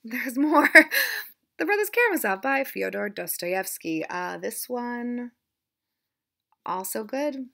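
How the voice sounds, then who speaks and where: Young woman, casual chatty vlogger, rambling and self-deprecating, gravelly undertone. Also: a little high, fairly bright tone. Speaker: book vlogger. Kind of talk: casual chat.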